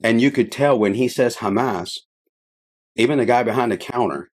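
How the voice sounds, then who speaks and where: A man's voice: medium pitch, normal speed. A middle-aged man from the Middle East, a podcast guest, telling a story in a chatty way, laughing often and trailing off into fillers. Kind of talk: casual storytelling.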